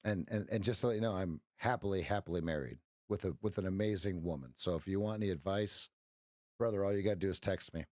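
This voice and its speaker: A man's voice: low-pitched, fast talker, a little mellow, no room sound, studio quality. Chatty man hosting a trading livestream. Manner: joking, talks straight to chat, folksy pep talk. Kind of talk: casual livestream chat with viewers.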